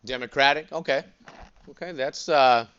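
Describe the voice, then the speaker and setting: A man lectures a classroom with a bright, forceful voice, prodding students with quick "what?" and "right?" checks. He talks casually, wandering into jokes and side stories. The recording is dull and lo-fi, as if captured in the back of the room. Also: mid-range voice, clean tone. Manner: chatty, digressive, joking asides. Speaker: college instructor.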